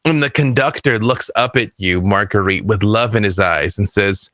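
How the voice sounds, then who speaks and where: A man narrating a tabletop game as game master, measured and vivid. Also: on the low side, a bit bright, no echo.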